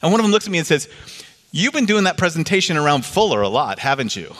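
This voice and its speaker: A man giving a sermon, telling a story and lifting his voice when he quotes others. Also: quick pace. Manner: animated, rises in pitch for quoted voices. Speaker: preacher. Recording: long reverb of a large hall.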